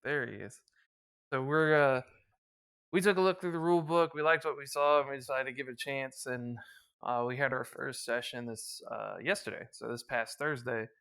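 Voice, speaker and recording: Bright-voiced man telling crude stories. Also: mid-range voice, moderate pace, gravelly, clear, resonant tone. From US East Coast. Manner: crude, laughing storyteller. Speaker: podcast host. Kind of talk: casual podcast chat.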